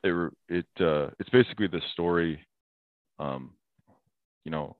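A man's voice: low-pitched, normal speed, no room sound. A man as a podcast guest in casual talk, earnest, often quoting scripture and laughing easily. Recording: thin phone-like sound.

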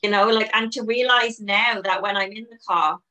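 Bright-voiced woman, chatty and rambling. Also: mid-range voice, steady tone, moderate pace. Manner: rambling, heavy use of "like" and "you know". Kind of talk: casual chat.

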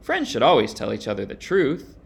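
A man's voice: medium pitch, huge pitch swings, a little fast, creaky, breathy edge, heavily acted. A man doing a prim storybook lady friend. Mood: frank. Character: fussy, frank female storybook friend. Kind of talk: storybook reading.

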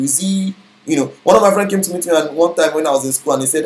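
A pastor teaching a sermon, explaining scripture and repeating key phrases, reading verses slowly. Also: male voice, on the high side, expressive, darkish tone, a little hiss or hum. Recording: echoey room.

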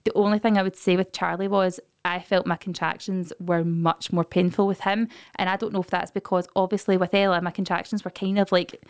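A woman's voice: on the low side, fairly quick, hardly any pauses, clear, resonant tone, no echo, clean studio sound. A young Scottish woman chatting on a podcast, telling her birth story and acting out what people said. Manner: lively storyteller, acts out quotes. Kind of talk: casual chat.

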